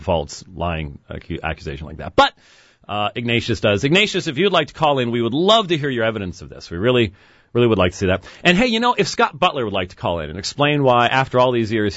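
Dull, dry studio sound with no echo carries a man's lowish voice as he hosts a call-in webcast. His casual talk is sarcastic and lively, full of quick asides and chuckles.

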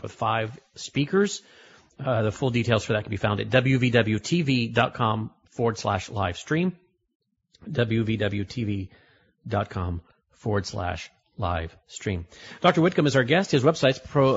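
A man's voice: mid-range voice, breathy edge. A male radio host chatting casually, rambling and restarting as he stumbles over a guest's name. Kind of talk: casual talk radio chat. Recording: dull lo-fi broadcast audio.

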